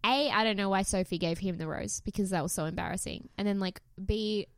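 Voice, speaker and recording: A woman's voice: medium pitch, a little fast, dry recording. Giggly young woman, dry and close. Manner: giggly, animated, swearing, lots of "like". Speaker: podcast co-host. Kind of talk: casual chat.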